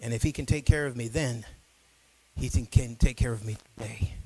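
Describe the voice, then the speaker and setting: A man preaching a sermon as pastor, swinging between quiet low talk and loud shouting, with call-and-response asides to the congregation. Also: normal speed, slightly rough, low-quality recording.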